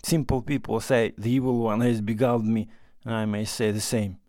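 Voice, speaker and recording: A man's voice: lowish voice, level tone, moderate pace, a little mellow, no room sound, studio quality, lightly acted. A man reading the part of a young, unhappy married woman in an audiobook, with a pleading, self-reproaching delivery.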